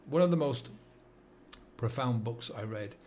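A man's voice: mid-range voice, expressive, darkish tone, slight background noise. Earnest middle-aged man with a Dublin accent. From England and Ireland. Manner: earnest, halting with fillers and restarts. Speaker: sobriety coach. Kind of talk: reflective monologue to camera.

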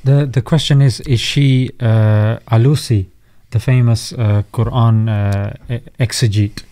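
A man's voice: mid-range voice, fairly even intonation, measured pace, warm tone. A man co-hosting a reaction discussion, explaining points of religious scholarship. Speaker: co-host. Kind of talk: casual commentary.

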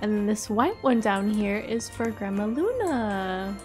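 A woman hosting a family game roleplay, giggly and excitable, with squealing laughs and shouts. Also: mid-range voice, a little slow, faint music behind. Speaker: roleplay host playing the mother.

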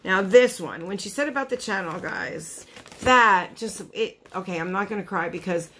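Woman, vlogger, casual gushing chat, choked up, mid-pitched voice. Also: moderate pace, sharp tone, slightly rough. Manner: gushing, emotional, chatty with lots of "like" and "you know". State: choked up, near tears.

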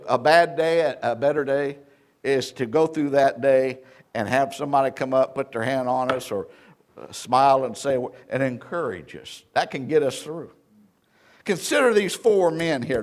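A man preaching a sermon in a church, telling folksy stories with a Southern Indiana accent and calling out questions to the congregation. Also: mid-range voice. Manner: folksy storytelling preacher, call and response. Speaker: pastor.

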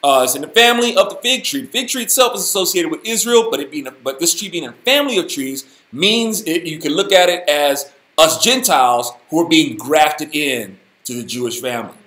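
A man hosting a casual Bible study, talking in an animated, folksy, slangy way. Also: on the high side, brisk, reverberant. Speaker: host, Bible teacher.

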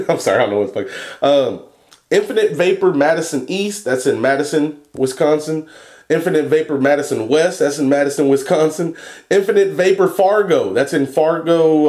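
A young man talking casually in a vlog, cursing and joking as he reads a long list of shout-outs and stumbles over place names. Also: fairly high pitch. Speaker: vlogger and e-liquid maker.

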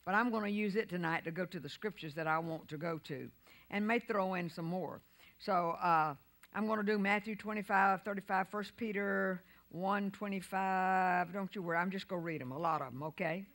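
Middle-aged woman pastor, bright and forceful, sermon with shouted peaks and call-and-response. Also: medium pitch, moderate pace. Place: church sanctuary.

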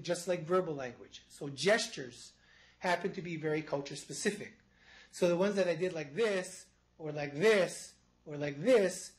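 Man, lecturer, higher-pitched voice, explanatory, restarts phrases, live studio audience. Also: rough recording. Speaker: psychology professor. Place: university studio before an audience.

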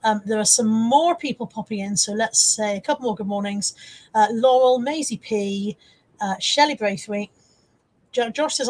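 Poor audio from a close, wired camera carries a middle-aged woman's slightly high, a little mellow voice at a moderate pace. During a casual home live stream, she reads out comments from viewers, teases them, and displays her purchases meant for resale.

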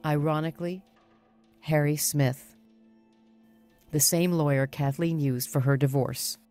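A middle-aged woman hosting a true-crime podcast, narrating cases with crisp emphasis and interviewing guests. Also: low voice, steady tone, unhurried, mellow, faint music behind. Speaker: podcast host.

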